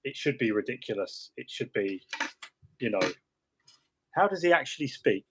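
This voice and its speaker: A man's voice: mid-range voice, expressive, moderate pace, background noise. A man hosting a hobby chat, rambling and joking with lots of restarts and asides as he works at his desk. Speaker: hobby stream host. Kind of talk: casual chat while model painting.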